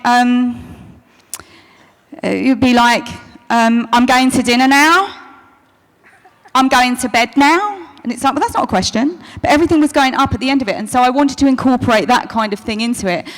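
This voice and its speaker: Woman, convention Q&A guest, chatty, fond of "darling", slightly high voice, big echoey hall. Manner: chatty, self-interrupting, calls people darling. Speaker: guest answering fan questions. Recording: long hall reverb.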